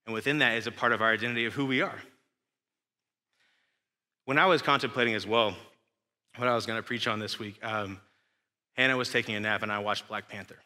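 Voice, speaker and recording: A man's voice: lowish voice, fairly even intonation, fairly quick, long pauses, bright, forceful tone. A young man with a West Texan accent preaching a sermon as pastor, in a casual, chatty way with asides to the congregation. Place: church sanctuary. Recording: long reverb of a church hall.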